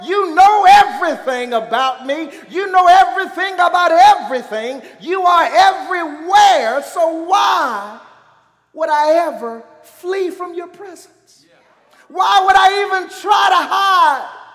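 A man acting out an impassioned prayer in a loud, drawn-out voice. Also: very high-pitched, lively intonation, big-room sound, some chatter behind, voice pushed up, full character voice. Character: pleading man praying to God.

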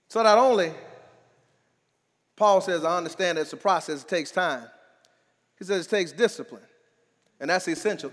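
A man with a very high voice preaches a sermon, rising into shouts and dropping back to near-conversational lows. He keeps calling on the congregation to answer him. His voice rings through a church with a long echo. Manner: call-and-response preaching, swinging from quiet to shouting. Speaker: pastor.

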